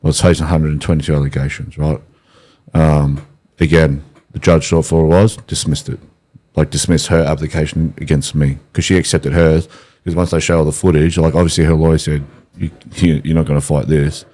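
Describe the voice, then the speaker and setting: Australian podcast host, low and mellow voice, rambling and hesitant. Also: male voice, little pitch movement, brisk. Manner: rambling, hesitant, full of restarts. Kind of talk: casual conversation.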